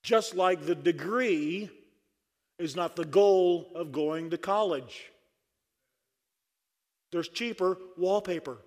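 A man's voice: high voice, slow, long pauses, darkish tone. A man preaching a sermon at a conference, fervent and dry-humored. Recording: long hall reverb.

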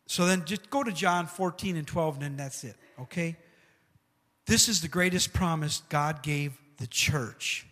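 Guy preaching in a church, kinda high voice, echo hanging in the hall, keeps saying come on, amen. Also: unhurried. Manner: animated, call-and-response asides like "come on" and "amen". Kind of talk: sermon. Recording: long hall reverb.

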